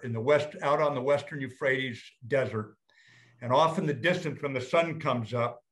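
An older man, a retired general, telling a story to an audience in a plain-spoken, blunt way and slowing down to stress his points. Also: medium pitch, fairly bright tone. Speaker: retired general, guest speaker.

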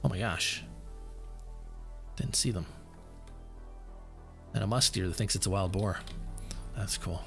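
A man's voice: low voice, measured pace, vocal fry, long pauses, soft background music. A man streaming live gameplay, chatting casually and answering his viewers' questions while sounding tired. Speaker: game streamer.

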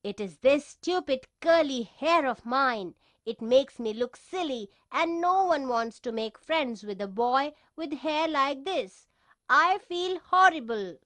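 A woman's voice: high voice, lively intonation, slow pace, a bit bright, dry recording, heavily acted. A woman reading the lines of a young schoolboy in a children's storybook, sounding hurt at times and firm at others. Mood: upset. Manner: tearful then firm. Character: upset young schoolboy with curly hair.

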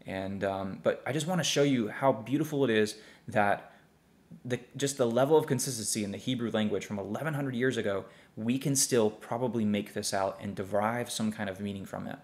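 A young man with a fairly low voice explains a lesson at an unhurried pace. He breaks words into syllables and repeats them patiently. He often checks in with his listeners as he goes. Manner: slow, patient sounding-out of syllables; checks in often with "okay?" and "see that?". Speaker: teacher.

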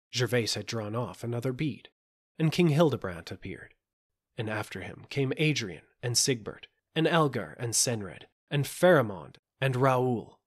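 A man narrating a fairy tale audiobook in a measured, gentle storytelling manner. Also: medium pitch. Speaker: audiobook reader.

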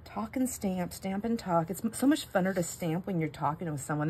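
A woman's voice: on the low side, animated, a little fast, very noisy. A middle-aged woman hosting a crafting vlog, telling family stories in a rambling, self-interrupting way while she stamps. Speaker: crafting channel host. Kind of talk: casual chat while stamping.

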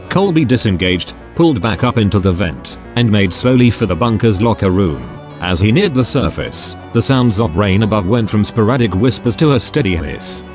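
A synthetic male voice narrating a story, low in pitch but swinging widely in intonation. Faint music plays underneath. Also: normal speed, hardly any pauses. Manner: flat synthetic delivery. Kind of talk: text-to-speech story narration.

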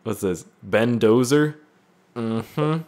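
A man reading fan voice messages aloud and reacting with loud, profane jokes in a casual gaming video. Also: medium pitch, very slow. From Canada. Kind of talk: casual gaming vlog commentary.

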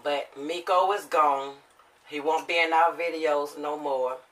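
A woman, a mother, telling family stories to viewers in a casual, animated way and acting out the quotes with feeling. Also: low voice, measured pace, recorded from a distance, rough recording.

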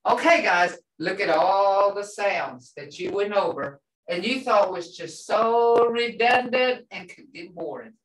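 Woman, language teacher, patient, repeats words, lower voice, echoey room. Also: a bit bright. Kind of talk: classroom language lesson. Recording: roomy sound from a distance.

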